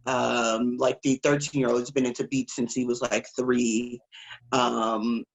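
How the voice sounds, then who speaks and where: A woman hosting a casual interview, playful and quick to laugh, sharing stories about her own kids. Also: very deep voice, little pitch movement, poor audio. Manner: playful, giggly, teasing. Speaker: host.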